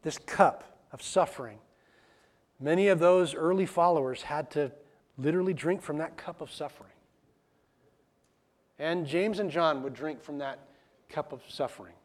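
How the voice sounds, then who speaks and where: A man giving a conversational sermon as a pastor, plain-spoken and animated, with casual asides. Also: a little high, moderate pace, long pauses.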